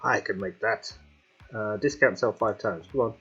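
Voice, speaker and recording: A man with a slightly low, somewhat bright, faintly rough voice speaks at a moderate pace. He hosts a gaming channel, casually chatting through a let's-play as he talks to himself and the game. The lo-fi home mic sounds a little dull, with faint music underneath.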